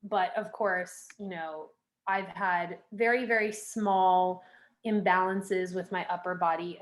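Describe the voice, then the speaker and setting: A young woman guest on a podcast, talking casually with lots of fillers and giving direct advice. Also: fairly low pitch. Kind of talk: casual interview chat.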